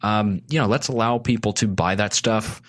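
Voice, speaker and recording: Male guest, lowish voice, earnest persuasive talker, casual podcast chat. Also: normal speed. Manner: earnest, persuasive, lots of restarts. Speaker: guest, consumer advocate.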